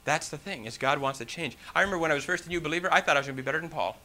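A man's voice: on the high side, very fast, bright, forceful tone. A man preaching a sermon, reading scripture and then explaining it with rhetorical questions and folksy "you know" asides.

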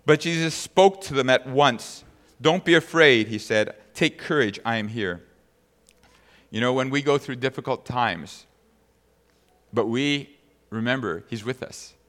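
A man's voice: mid-range voice, lively intonation, measured pace, fairly bright tone, in a large hall. A man preaching a sermon as pastor, reading scripture aloud and then speaking conversationally to the congregation.

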